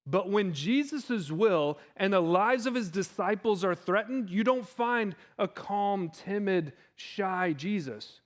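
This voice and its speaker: A male pastor delivering an animated sermon in church, often acting out the voices of the people he quotes. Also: high-pitched. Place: church sanctuary.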